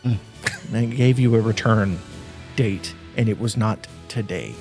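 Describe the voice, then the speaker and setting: A man voicing a brisk, scolding shopkeeper woman. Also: fairly low pitch, darkish tone, faint music behind, pitched below the performer's own voice.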